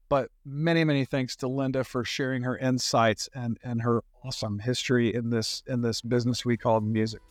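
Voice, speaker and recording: A man's voice: mid-range voice, dry recording, studio quality. A man hosting a podcast interview, friendly and enthusiastic, often restarting his sentences. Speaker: podcast host.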